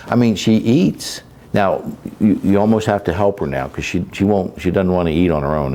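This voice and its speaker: A middle-aged man with a low, deep voice, speaking candidly in an interview. He rambles through his stories in a plainspoken way, full of fillers and restarts. A faint hiss of background noise sits under the recording. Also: creaky, a little mellow. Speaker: caregiver and sales coach.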